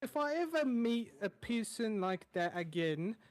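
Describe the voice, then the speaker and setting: A man's voice: sits high, very animated, a little slow, no room sound, pitched above the performer's own voice. A man doing a rambling, chummy male chef. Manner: rambling, folksy, calls people mate. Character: chatty friendly male innkeeper chef.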